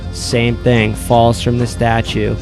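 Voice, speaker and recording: Gravelly man running a tabletop game. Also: medium pitch, completely flat delivery, slow, over music. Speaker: game master.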